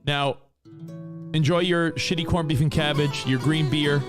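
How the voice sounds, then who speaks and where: A man co-hosting a podcast who swaps stories in loose, animated banter. His voice sits a touch on the high side for a man. He talks casually and keeps the stories moving. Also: unhurried, over music. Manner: animated storyteller. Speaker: co-host.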